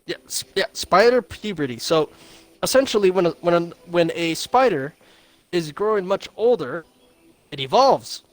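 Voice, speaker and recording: Young podcast co-host, rambling and swearing, close dry mic, voice jumps all over. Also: male voice, sits high, animated, normal speed, dry recording. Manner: rambling, swears, laughs often. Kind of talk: casual movie review chat.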